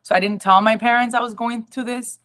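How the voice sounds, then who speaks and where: Young woman telling her story, halting. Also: a little high, fairly even intonation, fairly bright tone. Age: young adult. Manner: emotional, halting, with frequent ums and restarts. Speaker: speaker at an awareness talk. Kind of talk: personal testimony.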